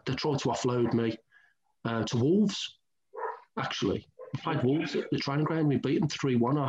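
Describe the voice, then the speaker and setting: A middle-aged former footballer from England with a Birmingham accent, telling candid stories in an interview and acting out old conversations in a colloquial way. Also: male voice, medium pitch, darkish tone, slight background noise. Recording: dull lo-fi sound.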